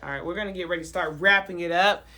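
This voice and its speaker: A woman's voice: lowish voice, fairly even intonation, rapid-fire, sharp tone, slight background noise. A woman hosting a casual podcast, talking in an upbeat, playful, slangy way. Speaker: podcast host.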